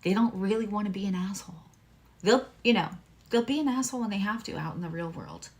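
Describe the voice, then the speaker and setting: Talking fast in a mid-range voice, she runs a live tarot and astrology reading with frank, chatty energy and plenty of swearing. Occasionally she drops into hushed asides.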